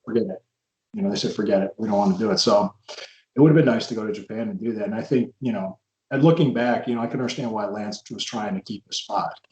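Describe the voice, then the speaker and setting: A man's voice: on the low side, fast talker, warm tone, echoey room, rough recording. A man, a wrestler, talking through his career in a frank, reflective podcast chat. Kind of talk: casual storytelling chat.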